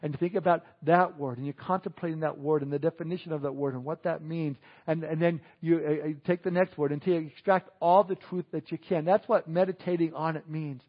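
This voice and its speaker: A man's voice: on the high side, fairly even intonation, fairly quick, few pauses, lo-fi sound. A man preaching a conversational sermon, chuckling and adding asides to the congregation. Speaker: pastor.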